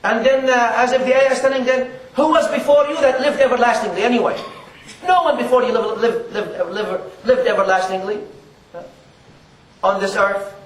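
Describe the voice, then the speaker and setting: A man giving a Friday sermon, earnest and repetitive, reciting Arabic verses quickly between his explanations. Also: very high voice, steady tone, roomy sound, recorded from a distance, rough recording. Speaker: preacher.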